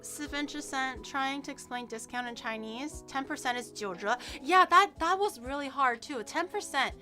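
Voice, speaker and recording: A woman streamer chats casually and tells animated stories. Her voice sits high and bright. Soft music plays underneath. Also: moderate pace. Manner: animated storytelling with laughs. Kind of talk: casual chat.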